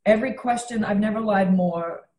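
A woman's voice: mid-range voice, moderate pace, mellow, a little hiss or hum. An Australian woman from Western Australia, a young comedian animatedly telling a story in a casual chat, swearing freely and acting out quotes. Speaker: comedian guest. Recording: roomy echo.

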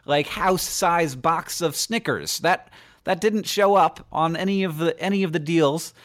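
A man's voice: a little high, measured pace. A man co-hosting a comedy podcast, playfully teasing while reading out listener questions. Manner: playful, teasing, lively and bouncy. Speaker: podcast co-host.

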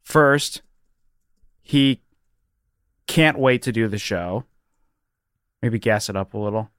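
Goofy male co-host, smooth clear voice, dry close sound. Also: on the low side, slow pace, fairly bright tone, no echo. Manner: goofy, reads out what he types. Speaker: podcast co-host. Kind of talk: comedic banter.

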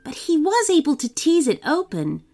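A woman narrating a children's storybook in a lively, expressive reading voice. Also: high-pitched, normal speed, soft background music.

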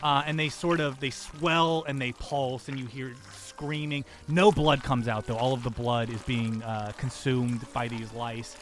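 A man's voice: mid-range voice, fairly even intonation, unhurried, few pauses. Playful man running a tabletop game. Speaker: game master.

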